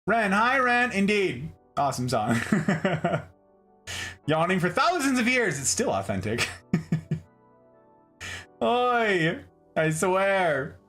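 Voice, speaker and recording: A man from Nevada chatting casually on a livestream as he reads his chat, joking and swinging between high and low voices. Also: big pitch swings, slow pace, pauses often, a bit bright, soft background music. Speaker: streamer reading chat.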